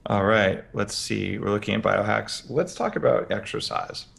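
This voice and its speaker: Man, podcast guest, heavy vocal fry, lower pitch, energetic explainer, headphones on. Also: moderate pace. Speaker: podcast guest, health expert. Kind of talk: interview, explaining practical advice. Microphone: headphones with podcast mic.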